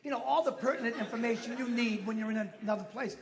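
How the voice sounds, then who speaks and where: Stand-up, man, high-pitched, brash storyteller doing voices, comedy club mic. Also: fast talker. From Massachusetts.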